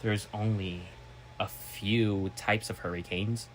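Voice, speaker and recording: A man chatting casually as a vlogger, excitable and rambling, with restarts and sudden loud outbursts. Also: fairly low pitch, takes it slowly, slight background noise. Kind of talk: casual vlog chat.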